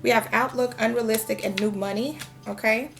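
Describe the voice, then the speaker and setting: A woman's voice: fairly high pitch, fairly even intonation, brisk, creaky, over music. A woman in her thirties giving a casual tarot reading, talking frankly and chatting with lots of fillers. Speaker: tarot reader.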